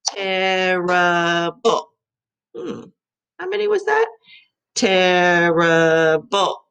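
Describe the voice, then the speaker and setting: A woman's voice: mid-range voice, gravelly, fairly bright tone. A middle-aged woman teaching vocabulary to young children, sounding out letters and syllables.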